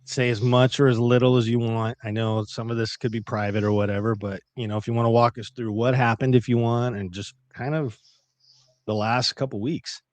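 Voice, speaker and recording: A man's voice: medium pitch, flat delivery, a little fast, no room sound. A man hosting a casual live stream, chatting and retelling a story with acted-out quotes. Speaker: livestream host.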